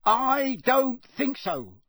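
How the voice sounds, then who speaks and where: A bold middle-aged wizard, sure of himself and ready to act, voiced by a man reading a story. The voice is lifted and firm, with a husky edge and a dry, close sound. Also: very high-pitched, very animated, drawn-out words, bright, forceful tone, no room sound, voice pushed up, heavily acted. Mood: determined.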